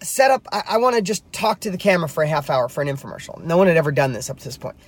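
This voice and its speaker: A man's voice: a little high, expressive, rapid-fire. A middle-aged man, a real estate coach, telling a story to camera while driving, emphatic and fired up.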